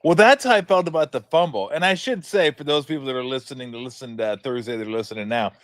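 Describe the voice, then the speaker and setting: Animated male sports radio host. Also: mid-range voice, fast, no room sound. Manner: animated storyteller, laughs often. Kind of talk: casual sports talk.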